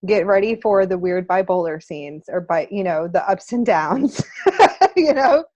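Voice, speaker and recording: A woman co-hosting a casual spiritual chat, animated, laughing often and acting out little quotes with whoops. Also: mid-range voice, measured pace, lo-fi sound. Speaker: spiritual channel co-host.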